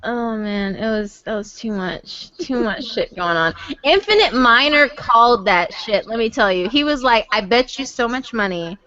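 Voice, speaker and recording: A woman's voice: on the high side, animated, normal speed, hardly any pauses, sharp tone. A woman hosting a voice-chat story night, talking casually, laughing helplessly and swearing freely. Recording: dull, lo-fi stream audio.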